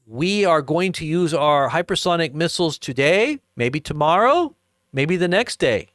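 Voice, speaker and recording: A man mockingly imitating a boastful male world leader issuing slow, taunting threats. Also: on the high side, sing-song, fairly bright tone, no room sound, studio quality, pitched above the performer's own voice.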